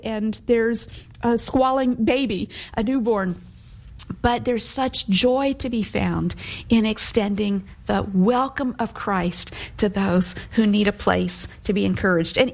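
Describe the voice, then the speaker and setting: A middle-aged woman giving devotional Bible teaching in an earnest, conversational way, quoting scripture as she goes. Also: a little high.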